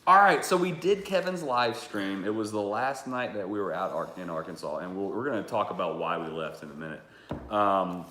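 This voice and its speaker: A man's voice: on the low side, lively intonation, normal speed, bright, forceful tone. A man hosting a casual livestream chat, laid-back and joking as he tells stories. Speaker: show host. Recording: echoey room.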